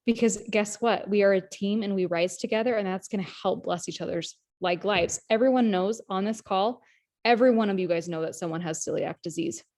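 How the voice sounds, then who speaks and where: A woman giving a motivational pep talk to her sales team on a group video call, energetic and chatty, often turning to the listeners as "you guys". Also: mid-range voice, fairly quick. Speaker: team leader in a direct-sales team.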